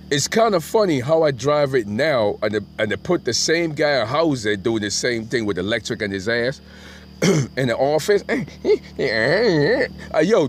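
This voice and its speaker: A man's voice: mid-range voice, slight background noise. A middle-aged man telling a rambling, profane story and often asking "right?". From Brooklyn, New York.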